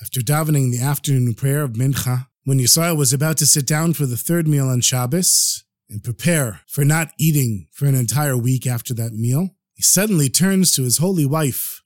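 A man narrating a story for a podcast in a lively, animated way. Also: medium pitch, normal speed, few pauses, no echo, clean studio sound.

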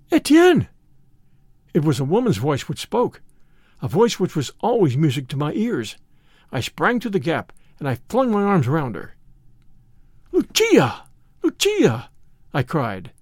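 A man narrates a story in a measured, expressive way. His voice sits slightly high and moves lively in pitch. The recording is close and dry. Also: vocal fry, no echo. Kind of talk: audiobook narration.

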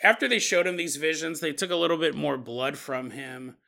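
A male podcast host tells an odd tale with jokey asides and frequent chuckles. His voice sits high and bright with a gravelly edge. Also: moderate pace. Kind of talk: comedic paranormal storytelling.

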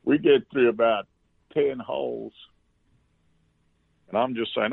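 Gravelly South African man on a phone line. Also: mid-range voice, normal speed, long pauses, no room sound. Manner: relaxed anecdotal, salty language. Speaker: guest golfer. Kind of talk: casual storytelling. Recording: dry tinny phone line.

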